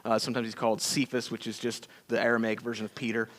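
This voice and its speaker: A man preaching a sermon as pastor, telling stories in a folksy, animated way with acted-out quotes. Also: mid-range voice, quick pace. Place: church sanctuary.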